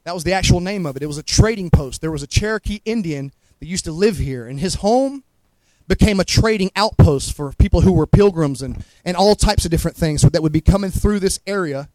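A Southern man preaches a fervent sermon in a high voice. He stumbles over repeated words as he goes and keeps asking the congregation whether they follow him. The sound is close and dry. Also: animated, a little fast, a little mellow, no echo, poor audio. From Montgomery, Alabama. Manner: fervent, repeats words, asks the crowd to agree. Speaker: guest preacher.

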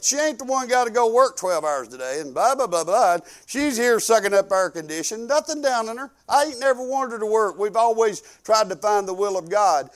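High-voiced folksy preacher man. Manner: animated, swinging from loud to hushed; colloquial, rambling with restarts. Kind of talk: folksy storytelling sermon.

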